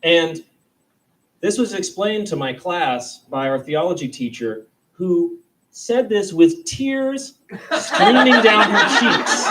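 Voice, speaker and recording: A young man doing a stand-up comedy set, rambling and self-deprecating, and breaking into quick, high-pitched voices for the characters in his stories. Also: lively intonation, pushed and bright, far from the mic, poor audio. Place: comedy club stage.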